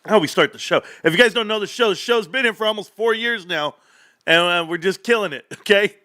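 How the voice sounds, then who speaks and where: A man in his thirties hosting a casual livestream, rambling and animated, laughing often as he talks. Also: high-pitched, a little fast. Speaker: host.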